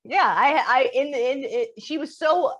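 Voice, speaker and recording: A woman comedian telling a long story in casual podcast chat, animated and laughing as she acts out what others said, heard over a video call. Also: sits high, unhurried, lo-fi sound. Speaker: comedian guest.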